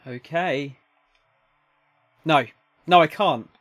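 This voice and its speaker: A man's voice: a little high, drawn-out words, fairly bright tone, dry recording. A man voicing a flustered young male researcher who hesitates and stammers.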